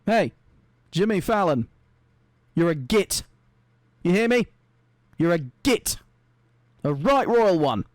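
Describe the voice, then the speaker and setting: Man, comic scolding rant, high and animated, dry recording. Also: slow pace, pauses often, no room sound. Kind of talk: comedic rant.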